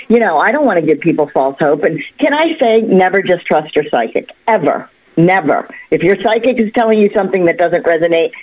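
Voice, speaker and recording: A woman who works as a psychic, telling a story on a cable access talk show in an animated, chatty way with lots of fillers and restarts. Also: on the low side, a little fast, hardly any pauses, highs cut off. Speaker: psychic guest. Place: local access TV studio.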